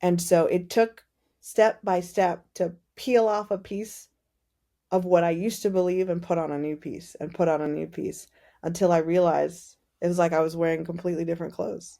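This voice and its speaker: A woman guest on a podcast, telling her faith story in casual, animated conversation and acting out the dialogue. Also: on the low side, creaky. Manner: animated storytelling, many "like" fillers, acts out dialogue. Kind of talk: personal testimony in casual conversation.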